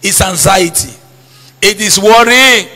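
A man preaches in a high, lively voice that swings up and down, bright and husky at once. He keeps repeating his key lines and quizzing the congregation on them. His voice rings with long reverb through a church hall. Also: a little slow. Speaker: pastor. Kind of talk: sermon.

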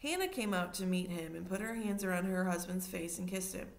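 A woman reading a children's novel aloud in steady narration, now and then adding a short aside to her listeners. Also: lowish voice, fairly quick, gravelly. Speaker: reader.

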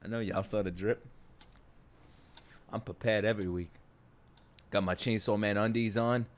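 A man hosting an anime reaction video in casual commentary, excitable and talking straight to his viewers, swearing freely and laughing often. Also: lowish voice, moderate pace.

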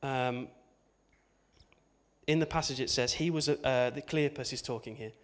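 A man's voice: medium pitch, normal speed. A man preaching an informal sermon, conversational and chatty, with asides and tag questions.

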